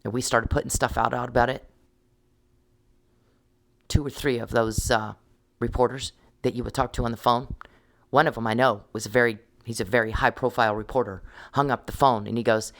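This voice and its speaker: A man of middle pitch rants straight at his target, cursing freely and circling back on his own words. The sound is dry and close, with almost no room around it. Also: moderate pace, long pauses, a bit bright, no room sound. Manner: profane and confrontational; rambling, with restarts. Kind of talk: angry monologue addressed to an opponent.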